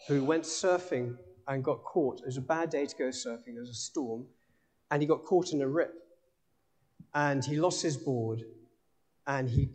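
A man preaching a sermon, emphatic, with dramatic pauses and rising exclamations. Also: medium pitch. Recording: long hall reverb.

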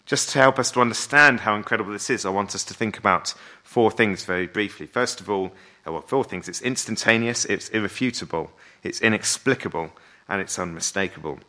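A man's voice: lowish voice, a little fast, sharp tone. A man preaching a sermon in a conversational way, often asking his listeners rhetorical questions.

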